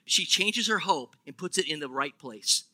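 A man preaching a sermon, animated and asking the congregation questions. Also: fairly high pitch, moderate pace. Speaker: pastor.

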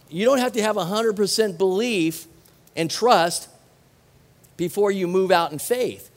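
With a measured pace and a high-pitched voice, this middle-aged Southern California pastor preaches with animation. He peppers listeners with questions and casual asides while a long reverb suggests a large hall.

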